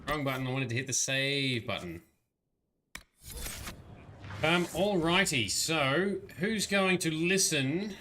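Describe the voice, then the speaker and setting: A man's voice: a little high, lively intonation, takes it slowly, long pauses, sharp tone, a little hiss or hum. A man giving casual gaming-stream commentary, chatting to viewers, swearing and laughing often. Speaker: livestreamer.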